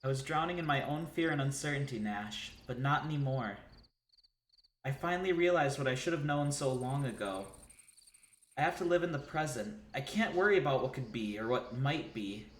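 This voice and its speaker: A man voicing a gentle, resolved young female mage, reading game dialogue on stream. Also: mid-range voice, animated, moderate pace, echoey room, natural voice.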